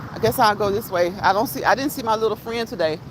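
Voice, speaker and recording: A woman's voice: mid-range voice, fast talker. Chatty woman walking outdoors. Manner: rambling, chatty, talks straight to viewers. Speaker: vlogger reading live chat. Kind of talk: casual walk-and-talk livestream. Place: outdoors on a street with passing traffic. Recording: clear street noise and traffic.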